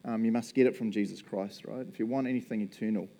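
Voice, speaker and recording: A man's voice: fairly low pitch, fairly even intonation, fast, mellow. A man with a New Zealand accent preaching a casual, conversational sermon, chatty and joking as he talks. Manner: chatty, joking, often laughing.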